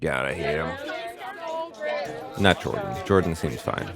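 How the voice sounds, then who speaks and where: A man's voice: rumbling low, unhurried, loud music behind the voice, a loud crowd. A man streaming himself watching a show, making blunt, incredulous comments and swearing freely. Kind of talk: casual reaction commentary.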